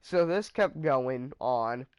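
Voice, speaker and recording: A man's voice: medium pitch, lively intonation, takes it slowly, noisy background. A man casually telling a story about his friends in a rambling vlog, trailing off with fillers.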